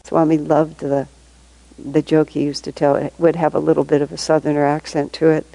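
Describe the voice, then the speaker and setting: Spiritual teacher musing to devotees, gravelly and warm, dry close sound, lots of restarts. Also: medium pitch, level tone, dry recording, poor audio. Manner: thoughtful, halting, frequent restarts and repeated words. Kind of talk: reflective spiritual talk to devotees.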